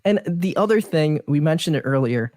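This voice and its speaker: A man talks with a fairly high voice in a dry, close recording. He chats casually on a podcast, raising questions and laughing often. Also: expressive, normal speed, a little mellow, no room sound. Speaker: podcast co-host. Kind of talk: casual chat.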